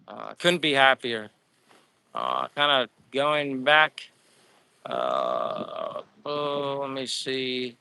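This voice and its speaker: A man's voice: mid-range voice, huge pitch swings, very slow, gravelly, sharp tone, clear, resonant tone, no room sound. A man from Pennsylvania, living abroad, chatting casually on a live stream as he reads viewer comments, rambling and grateful and stumbling over names. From Pennsylvania, USA. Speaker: expat vlogger reading live chat. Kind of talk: casual live-stream chat while walking. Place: outdoors in a Philippine town.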